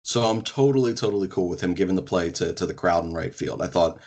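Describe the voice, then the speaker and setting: A young adult man hosting a podcast in casual sports chat, talking in an excited, emphatic way and swearing casually. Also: low-pitched, quick pace. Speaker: podcast host.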